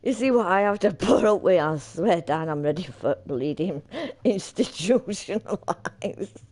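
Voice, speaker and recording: A woman's voice: fairly low pitch, animated, a little slow, darkish tone. A woman chatting casually while streaming a game, giggling often, swearing and teasing. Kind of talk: casual chat while gaming.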